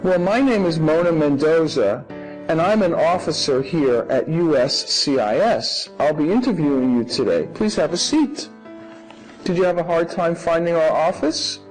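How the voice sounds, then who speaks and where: A woman's voice: sits low, lively intonation, moderate pace, darkish tone, faint music behind, poor audio. A woman playing a polite immigration officer. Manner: courteous, welcoming questions. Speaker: immigration officer in a practice interview. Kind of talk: scripted role-play dialogue.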